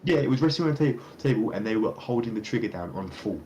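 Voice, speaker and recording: A young man rambles through a casual street interview outdoors, swearing a lot and restarting his sentences. His mid-range voice has lively intonation, a quick pace, and a warm tone, set against noisy street ambience.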